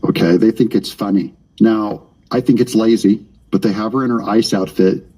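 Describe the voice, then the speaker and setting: Husky, ranting male streamer. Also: on the low side, steady tone, moderate pace, warm tone. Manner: ranting, sarcastic, addresses chat directly. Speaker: live-stream political commentator. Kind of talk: casual live-stream commentary.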